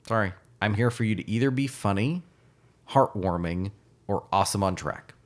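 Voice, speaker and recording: Deep-voiced man, wry podcast host. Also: normal speed. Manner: dry, wry joking. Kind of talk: casual chat.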